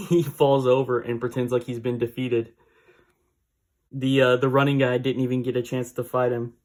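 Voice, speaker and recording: A man's voice: mid-range voice, flat delivery, moderate pace, darkish tone. A man casually recapping a comic book issue, rambling with fillers and small laughs.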